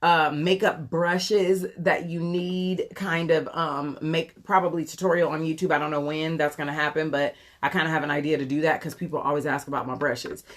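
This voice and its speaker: Forties lady chatting on a live makeup stream into her phone, lowish voice, lots of ums. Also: fairly even intonation, moderate pace, few pauses. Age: 40s. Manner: chatty and rambling, talks to viewers, many ums. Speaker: beauty vlogger doing a live makeup tutorial. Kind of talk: casual live-stream chat. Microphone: phone camera.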